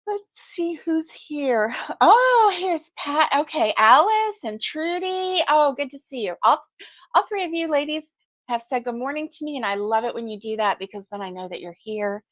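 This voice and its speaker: Middle-aged woman, host of a casual crochet livestream; slow, sleepy and chatty, slightly high voice, dry close recording. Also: lively intonation, fairly bright tone, no echo. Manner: sleepy, chatty, yawning often. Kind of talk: casual morning livestream chat.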